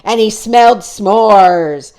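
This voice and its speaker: A woman voicing a young male moose who tells spooky campfire tales in a storybook reading, with a theatrical, booming delivery. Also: expressive, slow pace, exaggerated voice.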